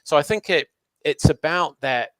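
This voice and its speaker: A man who runs a youth learning program, speaking as a guest and telling lively anecdotes. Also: a little high, moderate pace, no echo. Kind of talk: storytelling conversation.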